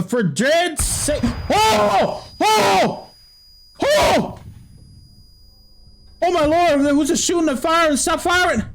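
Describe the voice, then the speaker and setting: Man playing an old country man in fear for his life, folksy drawl, high-pitched and panicky. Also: bright, forceful tone, a little hiss or hum, full character voice. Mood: panicked. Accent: put-on American country accent. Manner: panicky, pleading, breathless. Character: frightened old rural man hiding from guards. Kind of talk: reading game dialogue in character.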